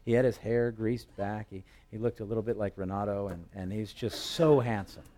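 A man preaching a sermon, telling the story with humor and swelling loud and high at emotional peaks. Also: brisk. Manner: lively storytelling with humor and dramatic quotes. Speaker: pastor.

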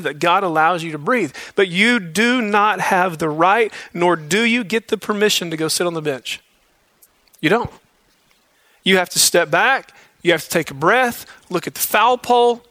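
Bright high-voiced preacher man. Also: no echo. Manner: direct, exhorting, repeats key phrases. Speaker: Bible study leader. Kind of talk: sermon to a men's group.

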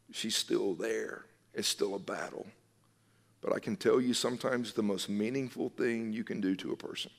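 A low-voiced man preaches a sermon, earnest and emphatic, and he leans on repeated phrases to drive each point home. His voice rings out with a long reverb, as if it fills a church hall. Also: gravelly. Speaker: pastor.

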